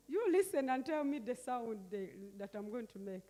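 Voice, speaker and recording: A woman's voice: a little high, expressive, normal speed, few pauses, mellow. A woman leading a teaching workshop, often questioning her audience and repeating key words back to them. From Uganda. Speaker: workshop facilitator. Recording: echoey hall.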